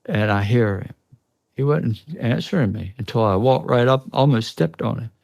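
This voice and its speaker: A man's voice: medium pitch, expressive, normal speed, vocal fry, a little mellow. A man, a guest on an interview show, earnestly recounting a tense personal experience, often breaking off and restarting. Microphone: studio podcast mic.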